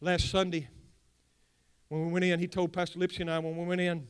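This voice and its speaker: A man preaching a sermon in church, moving between quiet asides and loud, building declarations. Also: high-pitched, completely flat delivery, a little fast, smooth. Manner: swings from hushed asides to loud rising preaching. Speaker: pastor. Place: church sanctuary.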